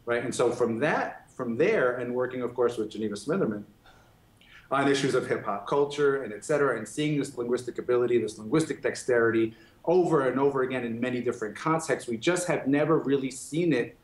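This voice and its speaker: A man's voice: mid-range voice, brisk, reverberant. A male professor and interview guest explaining his ideas articulately, often adding "right". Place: remote studio.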